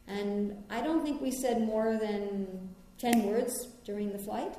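A middle-aged American woman from New York gives a conversational spiritual talk. She tells personal stories in a gently reflective way. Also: medium pitch, slow pace, slight background noise. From New York, United States. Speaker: spiritual teacher. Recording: very echoey room.

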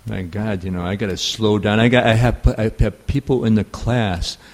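A man with a New York accent giving a scripture class, halting and full of fillers. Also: fairly low pitch, fairly even intonation, a little mellow. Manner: halting, many fillers and restarts. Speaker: spiritual teacher.

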